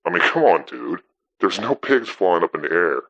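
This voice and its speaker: A man's voice: deep voice, big pitch swings, normal speed, fairly bright tone, heavily acted. A man playing a skeptical radio caller who dismisses the farmer bluntly and swears casually. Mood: scoffing. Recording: dull, muffled audio.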